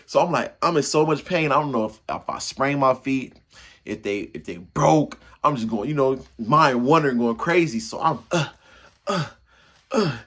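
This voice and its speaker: A man spins a funny story for his channel in an easy, slangy way, talking straight to the viewer. His voice sits at an ordinary pitch with a husky edge. He acts out the crashes and his own cries of pain with loud bursts. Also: moderate pace. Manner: animated, acts out yells and crashes; casual slangy chat to viewer.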